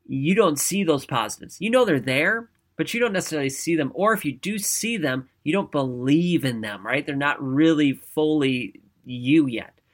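A man giving an energetic, conversational motivational talk, often checking in with "right?". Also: a little high, moderate pace. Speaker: motivational speaker.

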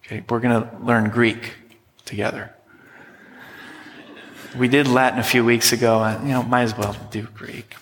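A man's voice: mid-range voice, level tone, normal speed, long pauses, a bit bright, slight background noise. A man preaching a sermon as pastor, emphatic and teaching, leading the congregation in repeating words. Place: church sanctuary. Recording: long hall reverb.

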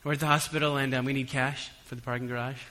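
In a church hall with long reverb, a male pastor preaches conversationally, adding humorous asides. His medium-pitched voice stays level in tone and moves fast, shifting between soft reflection and emphatic calls to the congregation.

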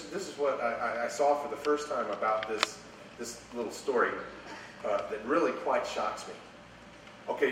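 A man preaching a sermon, animated, stumbling over repeated words, dropping to a hush and then rising high and loud. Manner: animated, repeats words, voice swings from hushed to raised. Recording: echoey room, voice from far off, faint noise.

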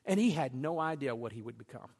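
A man preaching a sermon, telling stories that build to loud, intense peaks. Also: mid-range voice, lively intonation, fast, long reverb tail. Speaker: pastor.

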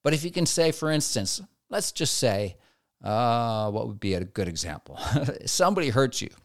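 A man's voice: mid-range voice, big pitch swings, moderate pace. A man giving a conversational Christian teaching talk, acting out everyday dialogue in quoted asides.

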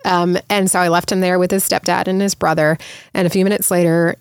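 A woman's voice: fairly low pitch, flat delivery, brisk, clean tone, dry recording, studio quality. A woman in her thirties, a podcast host telling a family story in a casual, chatty way with many fillers.

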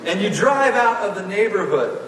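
Folksy preacher in an echoing hall. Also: male voice, high voice, moderate pace, far from the mic, slight background noise. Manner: folksy, animated, playful. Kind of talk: sermon storytelling. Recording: echoey hall, voice from afar.

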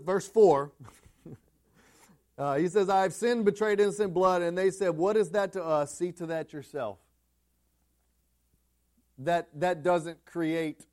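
A male preacher delivering a sermon in an emphatic way, rising to loud peaks and dropping to quiet, intense passages. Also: high-pitched.

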